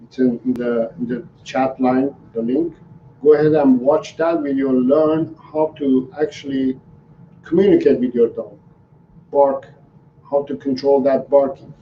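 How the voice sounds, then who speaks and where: A man, a dog trainer, answering viewers' questions on a live stream in an unhurried, halting way with many ums and restarts. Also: mid-range voice, steady tone. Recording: roomy, distant, dull sound with faint noise.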